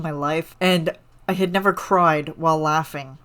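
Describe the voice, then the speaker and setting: A woman's voice: sits low, a little slow, hardly any pauses. A woman hosting a solo podcast, gushing about a song in a rambling, casual way full of fillers. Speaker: podcast host reacting to a song.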